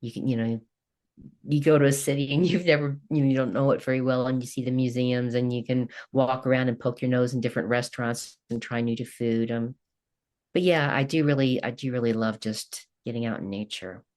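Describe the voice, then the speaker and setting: A woman's voice: very deep voice, steady tone, a little fast, darkish tone. A woman in her sixties from Kentucky, a coach chatting as a podcast guest in a rambling, laughing way. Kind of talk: casual interview chat.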